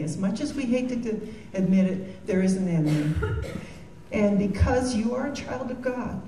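A woman's voice: mid-range voice, mellow, slight background noise. A woman giving a devotional talk, earnest and heartfelt, with joking asides. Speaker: Christian speaker. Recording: echoey room from a distance.

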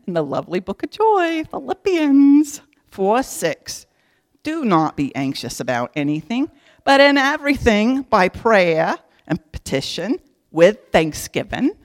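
Lively, folksy woman teaching the Bible. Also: medium pitch, slow. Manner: folksy and humorous, talks straight to listeners. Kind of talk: casual devotional teaching.

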